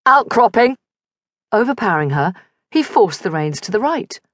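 A woman's voice: mid-range voice, sing-song, a little fast, dry recording. A woman narrating a romance audiobook in vivid scripted storytelling on a close studio mic.

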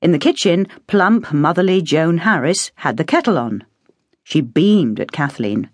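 A woman's voice: low voice, very animated, moderate pace, slightly rough, no echo, studio quality. A woman reading a novel aloud as an audiobook narrator, telling the story expressively. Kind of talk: scripted narration.

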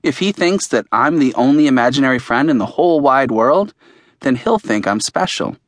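A man narrates an audiobook in the first person. His voice sits at a middle pitch, and he tells the story plainly and earnestly. The recording is close and dry. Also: expressive, moderate pace, no room sound.

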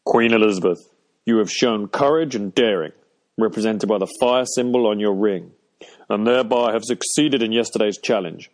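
A man's voice: lowish voice, normal speed, natural voice. A man voicing a formal, boisterous male servant in an audiobook, speaking in a ceremonious, pompous way.

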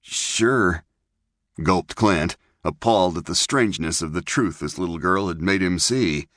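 A man narrating a western novel as an audiobook, in measured storytelling. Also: low-pitched, fairly bright tone, dry recording, clean studio sound. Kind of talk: scripted narration.

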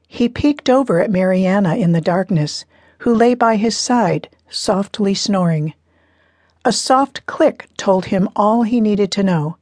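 Here a woman audiobook narrator reads a novel as scripted narration, keeping her storytelling measured and even. Her pitch is medium, and the clean studio sound has no echo.

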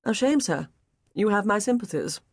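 A man voicing a courteous, flattering English gentleman gambler. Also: sits high, moderate pace, creaky, husky, dry recording, clean studio sound, voice pushed up, full character voice. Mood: polite.

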